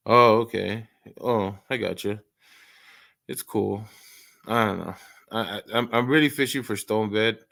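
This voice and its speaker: A man's voice: fairly low pitch, gravelly, fairly bright tone. A man hosting an early-morning live stream, chatting casually, rambling and stammering through many restarts and laughing often.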